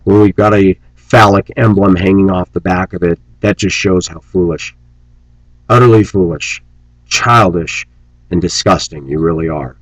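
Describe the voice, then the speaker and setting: A man's voice: normal speed, dry recording, poor audio. A man delivering an angry, preachy rant on his vlog, scornful and sarcastic. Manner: mocks opponents in shrill put-on voices. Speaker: vlogger.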